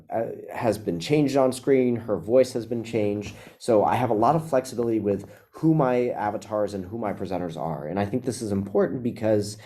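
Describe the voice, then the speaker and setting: Low mellow man demoing software. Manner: relaxed, with frequent ums and uhs. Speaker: webinar presenter. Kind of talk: casual software demo.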